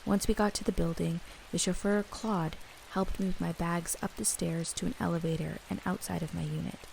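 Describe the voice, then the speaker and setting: A young woman reading a first-person horror story in a steady, scripted narration. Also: fairly low pitch, normal speed, vocal fry, a little hiss or hum, low-quality recording.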